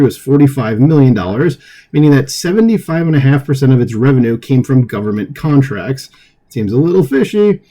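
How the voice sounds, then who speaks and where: A man's voice: medium pitch, warm tone. A man hosting political commentary, reading an article aloud in a casual way and breaking off for conversational asides with fillers and chuckles.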